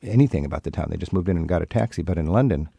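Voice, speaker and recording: A man's voice: deep voice, expressive, racing, vocal fry, dark tone, breathy edge, no room sound. A man hosting a travel radio show, chatting keenly and steering the talk with questions. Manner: chatty, enthusiastic, leads with questions. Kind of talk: conversational radio interview.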